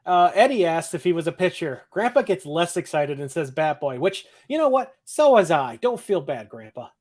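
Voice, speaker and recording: A laid-back young man from Ohio chats through a TV episode recap on a podcast. He's blunt and swears freely. His voice sits a little high for a man. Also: sing-song, moderate pace, a little mellow. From Ohio, USA. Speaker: podcast co-host. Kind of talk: casual chat recapping a TV episode.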